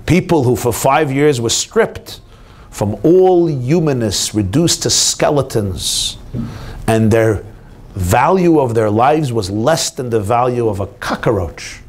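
A man, a rabbi, giving an inspirational talk at an event, telling stories and jokes with lively swings in his voice for emphasis. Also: slow pace. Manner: animated storyteller, swings pitch for emphasis. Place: hotel event hall.

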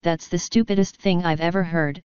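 Brief: woman playing a firm, earnest pony dad, low smooth voice, dull lo-fi sound. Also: fairly even intonation, moderate pace, darkish tone, no echo, natural voice. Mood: defiant. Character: earnest middle-aged stallion father, steady leader. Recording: slightly dull, lo-fi.

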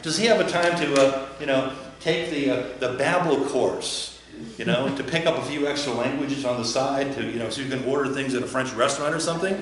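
A man's voice: mid-range voice, fairly quick, a crowd in the background. A male pastor giving a chatty, joking sermon, often putting questions to the listeners. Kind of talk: conversational sermon. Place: church. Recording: very echoey church.

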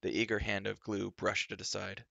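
Guy reading a story aloud, bright and gravelly, dry sound. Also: on the low side, monotone, normal speed, no echo, dull audio. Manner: dramatic narration. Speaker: storybook reader.

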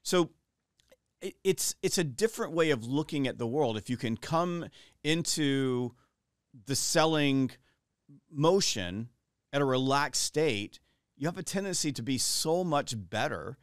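Middle-aged guy hosting a podcast, smooth clear voice, dry close sound, rambles earnestly. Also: mid-range voice, expressive, measured pace, no room sound. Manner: earnest, rambling with many restarts. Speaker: podcast host. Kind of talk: conversational interview.

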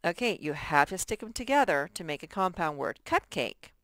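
A woman's voice: on the low side, very animated, moderate pace, fairly bright tone, dry recording. A woman teaching a first-grade workbook lesson, patiently sounding out words for young children.

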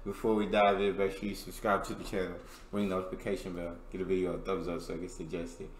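A man's voice: low-pitched, little pitch movement, quick pace. Guy hosting reactions, hyped slangy talk, echoey room. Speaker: reaction video host. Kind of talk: casual reaction commentary. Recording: roomy echo, faint noise.

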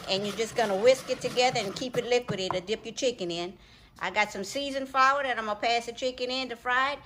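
A woman talks a viewer through a recipe in her home kitchen. Her voice sits high, and she is folksy and exuberant, with frequent whoops. A faint hum of room noise sits behind her. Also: fairly bright tone, low-quality recording. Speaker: cooking show host. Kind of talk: casual cooking demonstration.

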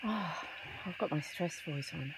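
The recording is very noisy as a young vlogger with a low voice feeds wild kookaburras among the trees, talking at a measured pace. She coos pet talk at the birds and mutters asides to a handheld camera held to the side.

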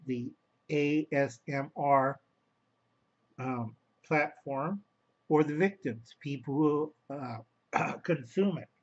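Speaking a little high with a breathy edge, a man vlogs a meandering home video monologue over a muffled recording. He greets viewers as boys and girls and keeps naming himself in the third person.

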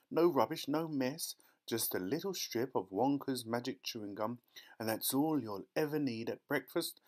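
A man reading the part of an eccentric, excitable male candy inventor with a boastful, theatrical way of talking. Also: medium pitch, lightly acted.

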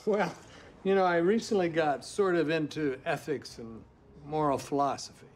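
An actor playing a calm, kindly bartender. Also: male voice, on the high side, moderate pace, close to an everyday voice. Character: gentle philosophical male bartender, middle-aged. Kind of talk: TV sitcom acting.

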